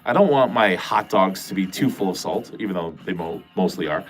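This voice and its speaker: This Wisconsin livestream host talks a little fast in a low-pitched, animated voice, nasal and accented. He rambles casually with viewers and swears every so often.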